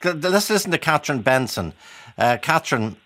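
A man hosting a radio phone-in, talking in halting bursts with many restarts as he probes his callers gently. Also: on the high side, sing-song.

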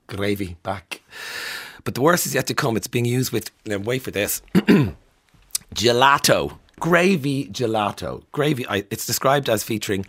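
Male morning radio host, slightly low and husky, wry and chatty. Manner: chatty, wry, laughs through stories. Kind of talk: morning radio news chat.

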